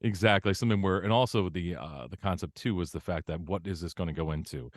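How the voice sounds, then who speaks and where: A man being interviewed about his voice acting work, telling stories animatedly with frequent laughter and quick jumps into a higher showman voice. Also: no echo, clean studio sound. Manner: animated storyteller, laughs often, bursts into a higher showman voice for quotes. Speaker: voice actor guest. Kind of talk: casual interview chat.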